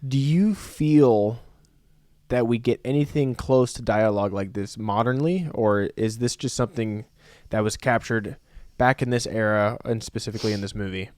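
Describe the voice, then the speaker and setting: A man's voice: medium pitch, moderate pace, a little mellow, no room sound. A man co-hosting a podcast, engaged and asking his partner follow-up questions about a film. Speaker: podcast co-host. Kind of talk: casual film discussion.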